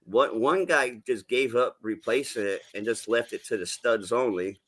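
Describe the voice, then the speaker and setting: A man's voice: mid-range voice, normal speed, fairly bright tone. A man from New England with a Southern-tinged accent, chatting casually on a live stream panel, rambling and swearing with easy laughs. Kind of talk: casual chat.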